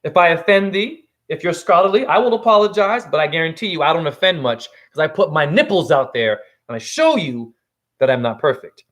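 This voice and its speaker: A man holding forth on a livestream as a self-styled spiritual teacher, profane and rambling. His voice sits high for a man and leaps around with lively swings of pitch. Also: a little fast. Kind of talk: livestream rant.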